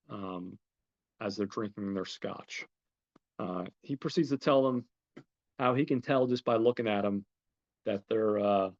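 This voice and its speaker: A man's voice: lowish voice, highs cut off. A man hosting a podcast, recapping a film in a rambling, chatty way and talking straight to his listeners. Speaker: podcast host.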